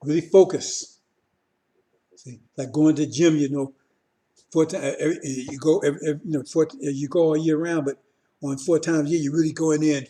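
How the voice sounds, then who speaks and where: Brisk and steady in tone, a man with a mellow, slightly high voice preaches an informal sermon. He repeats brief phrases, often starts over, and keeps asking "see?"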